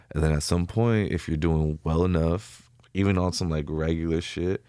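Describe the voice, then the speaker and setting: A young man from California, a podcast guest, telling stories in a relaxed, slangy way that is full of "like". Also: a bass voice, moderate pace, few pauses, smooth, no room sound, studio quality. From Ventura County, California. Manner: relaxed, slangy storytelling, filler "like" everywhere. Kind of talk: casual storytelling interview.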